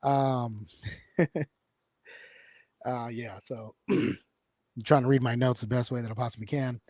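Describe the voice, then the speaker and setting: A man's voice: mid-range voice, steady tone, normal speed, a little mellow, dry recording, clean studio sound. A man hosting a casual sports talk show, rambling with lots of fillers and restarts. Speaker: podcast host.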